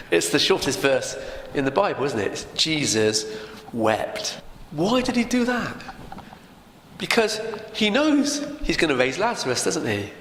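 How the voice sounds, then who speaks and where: A man's voice: medium pitch, fairly bright tone. A man teaching a Bible passage as a story, often turning to listeners with tag questions. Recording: echoey room with long reverb, faint noise.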